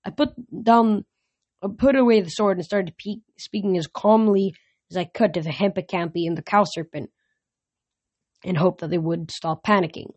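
A woman's voice: medium pitch, darkish tone, slightly rough. A woman reading a first-person novel aloud, unpolished, often restarting and correcting words. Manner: unpolished, frequent restarts and slips.

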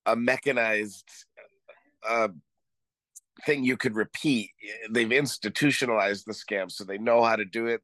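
A man in casual podcast chat, animated and sarcastic, often restarting his phrases. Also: on the low side, no echo.

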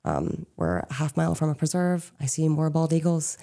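A woman's voice: low voice, sing-song, moderate pace, warm tone. A woman from Pennsylvania who owns a small business, answering interview questions in a chatty, casual way with frequent "um" and "you know". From Chester County, Pennsylvania.

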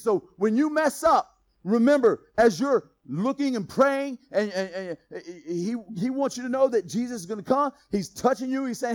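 A man with a high voice preaching a relaxed, conversational sermon. He jokes and laughs between points, then drops to a hushed, intense tone. The sound is dry and close, with no room echo. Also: normal speed. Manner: swings from loud emphasis to quiet intensity. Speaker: pastor.

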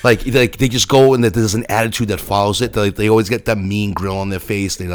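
A man's voice: lowish voice, fairly even intonation, fairly quick, dry recording. A man, co-hosting a podcast in blunt, profane, ranting casual banter. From Massachusetts. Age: 40s. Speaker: podcast co-host.

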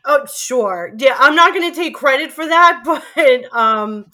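A woman's voice: high-pitched, animated, unhurried, bright, forceful tone. A middle-aged woman with a Queens, New York accent, chatting casually in an interview about her radio days, laughing often as she remembers. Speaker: guest, former college radio DJ.

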